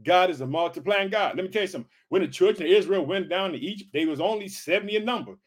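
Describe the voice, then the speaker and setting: Fervent high-voiced man preaching. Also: quick pace. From Illinois, United States. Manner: fervent, repetitive calls of "guess what" and "hallelujah". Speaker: podcast preacher. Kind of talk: energetic podcast sermon.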